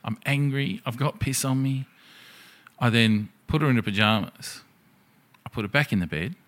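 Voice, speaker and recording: A man's voice: medium pitch, moderate pace. A man telling a crude story in casual chat, swearing freely and acting out the other voices in it. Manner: profane, animated storyteller.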